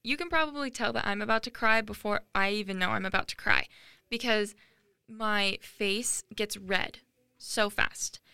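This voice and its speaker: A woman's voice: medium pitch, normal speed, creaky, bright, forceful tone, clear, resonant tone, no room sound, clean studio sound. A teenage girl talking casually and candidly about her own life, chatty and self-deprecating. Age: teens. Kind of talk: casual personal monologue.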